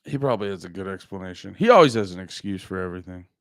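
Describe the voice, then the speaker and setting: A man's voice: deep voice, expressive, very fast, no room sound, clean studio sound. A man streaming live, chatting casually and brashly teasing his viewers, swearing often. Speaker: livestreamer. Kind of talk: casual livestream chat. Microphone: close desk mic.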